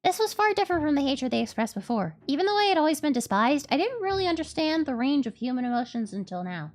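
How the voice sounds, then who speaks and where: A woman's voice: high-pitched, big pitch swings, fast, pitched above the performer's own voice. A woman reading game text aloud in a cutesy, sweet voice as the young heroine narrating her own peril. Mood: earnest.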